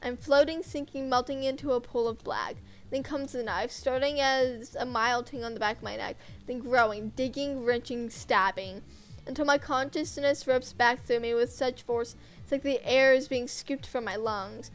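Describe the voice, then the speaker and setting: A woman's voice: a little high, normal speed, low-quality recording. A woman streamer reading a horror visual novel aloud in first person, intense and dramatic, with offhand asides.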